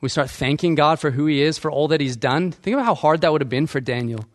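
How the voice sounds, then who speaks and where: A man's voice: fairly high pitch, fast. A male pastor preaching a sermon, asking the congregation questions and acting out quoted lines.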